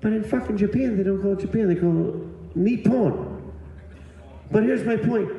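A man's voice: high-pitched, moderate pace, warm tone, very echoey, dull audio. A man doing brash, profane stand-up crowd work, riffing with the audience from a club stage. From eastern United States.

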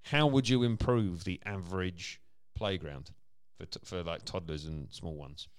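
A man's voice: deep voice, a little slow, no echo, clean studio sound. A man co-hosting a casual podcast chat, chatty and laughing often. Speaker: podcast co-host.

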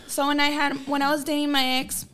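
A woman guest on a podcast, telling a story in a blunt, profane, animated way. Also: high voice, fairly quick. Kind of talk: casual storytelling.

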